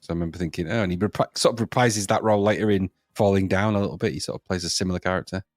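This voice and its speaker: A man co-hosting a casual podcast chat, trading quick wry jokes and laughing. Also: sits low, dry recording. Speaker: podcast co-host.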